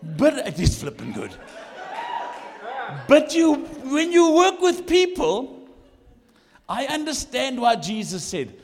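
A man, a lead pastor, preaching in a church, jokey and animated, jumping from shouts to quiet asides. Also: extremely high pitch, slow, long pauses, in a large hall. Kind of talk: sermon. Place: church hall.

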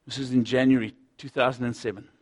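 A middle-aged man preaching a sermon, impassioned, swinging from loud urgency to hushed intensity. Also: medium pitch, level tone, fast, husky.

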